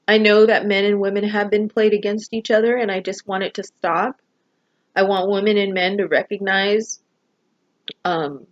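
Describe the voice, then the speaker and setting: A woman of medium pitch vlogs to camera about family and people, and the recording has its highs cut off. Her talk is personal, emotional, and rambling, studded with fillers like "you know."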